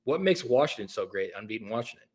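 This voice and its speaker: Fast-talking man firing pushy questions. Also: lowish voice, animated, husky. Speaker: co-host. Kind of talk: casual sports debate.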